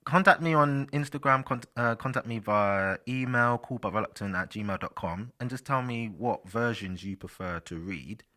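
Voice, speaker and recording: A man's voice: mid-range voice, moderate pace, hardly any pauses, pushed and bright. A man hosting a solo podcast, chatting casually and rambling with fillers, speaking directly to his listeners. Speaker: podcast host.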